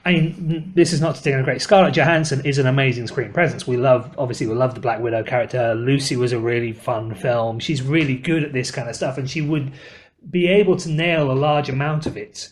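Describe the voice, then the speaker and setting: A man's voice: mid-range voice, steady tone, a little fast. A man with an English accent co-hosting a casual podcast, opinionated and wordy, with a joking side. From England. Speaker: podcast co-host.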